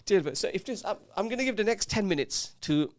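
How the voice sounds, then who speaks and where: A man's voice: high-pitched, lively intonation, fast talker, no echo. A man presenting a casual radio show, chatting, teasing his co-host and reading out listener messages. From England. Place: radio studio. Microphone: studio microphone.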